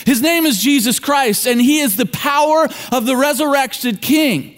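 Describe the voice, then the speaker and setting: Man, high voice, middle-aged pastor, conversational sermon, folksy storytelling. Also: unhurried, a bit bright.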